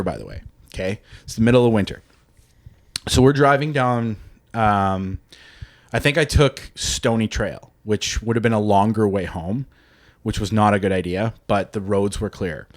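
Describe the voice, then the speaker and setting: A man's voice: fairly low pitch, moderate pace. Man telling a profane story. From Canada. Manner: profane, animated storyteller, acts out quotes. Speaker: podcast host. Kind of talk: casual storytelling chat.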